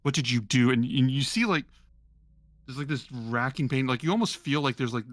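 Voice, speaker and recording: A man's voice: medium pitch, animated, normal speed, no room sound. A man narrating a tabletop role-playing game as game master, describing the scene with casual fillers.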